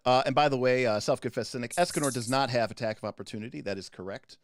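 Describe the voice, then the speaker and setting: A man's voice: medium pitch, fast talker. A man running an online tabletop game as game master, rambling and laughing often.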